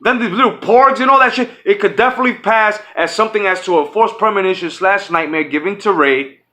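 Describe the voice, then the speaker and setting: A channel host delivers a furious, profanity-laced fan rant to his audience in a high, bright, sharp voice at a brisk pace. Heated and repetitive, he trips over his words, repeats phrases and often restarts sentences as he vents.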